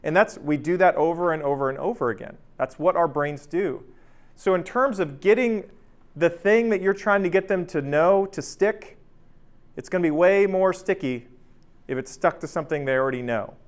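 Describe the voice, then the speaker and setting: A man in his thirties speaks at normal speed with a fairly high pitch as he runs an informal workplace training. Conversational throughout, he punctuates his talk with "right?" and energetically acts out anecdotes.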